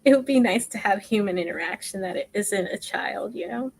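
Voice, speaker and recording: A woman's voice: medium pitch, vocal fry, darkish tone, husky, rough recording. A woman teaching crochet on a casual livestream, chatting and murmuring stitch counts under her breath. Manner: slow, chatty, self-deprecating, often drops to murmurs while counting stitches. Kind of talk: casual live tutorial.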